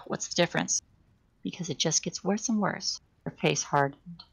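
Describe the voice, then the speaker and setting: A woman's voice: fairly low pitch, moderate pace, vocal fry, slightly rough, low-quality recording. A woman casually reading a novel aloud on a live stream, giving the characters' lines small shifts in voice and sometimes stumbling and restarting. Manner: reads dialogue with small shifts for characters, occasional slips and restarts.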